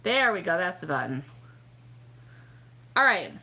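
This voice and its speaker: A tipsy woman hosting a tarot livestream, rambling and self-deprecating, with bursts of excitement. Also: fairly low pitch, unhurried, breathy edge. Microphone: home webcam livestream.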